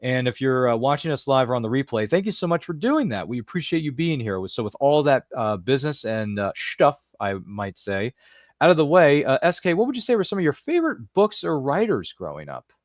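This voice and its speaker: A man's voice: medium pitch, big pitch swings, a little fast, no echo, clean studio sound. A man hosting a podcast interview, chatty and jokey, with many fillers and asides. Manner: chatty, jokey, self-deprecating, filler-heavy. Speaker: podcast host. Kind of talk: casual interview chat.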